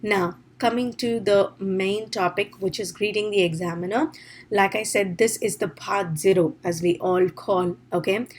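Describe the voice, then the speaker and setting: A woman's voice: mid-range voice, fairly even intonation, unhurried, a little hiss or hum. A woman teacher giving an online exam-prep lesson, explaining step by step and checking in with "all right?". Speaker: IELTS teacher.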